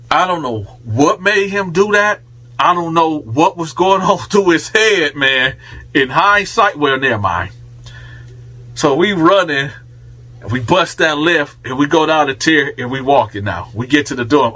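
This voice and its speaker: A man telling a story in a casual storytime style, animated and slangy. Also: a little high, normal speed, slightly rough.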